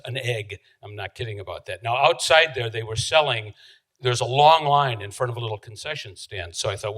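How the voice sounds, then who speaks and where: Chicago man, co-author, middle-pitched, calm delivery with dry humor at a live talk. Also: low-quality recording. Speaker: co-author presenting a book. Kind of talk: live book talk to an audience.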